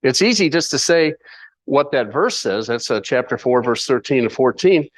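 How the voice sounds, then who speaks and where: Lively, playful male Bible teacher. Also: mid-range voice, normal speed, no echo. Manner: conversational, playful asides, rhetorical questions. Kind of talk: sermon teaching.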